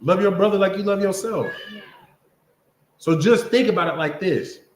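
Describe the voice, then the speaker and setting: A man's voice: sits high, moderate pace. A man teaching a Bible class in a casual preaching style, often checking in with his listeners by asking if they understand. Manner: conversational preaching, keeps asking "you understand?". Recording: roomy echo.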